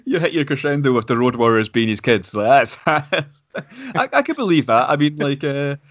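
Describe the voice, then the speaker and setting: A man's voice: mid-range voice, expressive, moderate pace, a bit bright, no room sound. Laid-back male podcast co-host. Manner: laughing, easygoing, game-host patter. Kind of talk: casual podcast chat.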